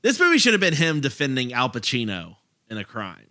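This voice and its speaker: A young man from Louisiana chats about movies on a podcast, rambling and laughing as he goes. His voice swings widely in pitch and sounds bright and forward. The recording is dry and close. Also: brisk, dry recording. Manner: animated, rambling, laughs often. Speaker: podcast co-host. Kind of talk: casual chat.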